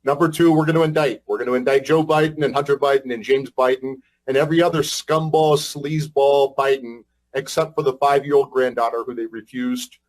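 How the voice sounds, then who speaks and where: Male speaker, mid pitch, boastful mocking public speech. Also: steady tone, a little fast, low-quality recording.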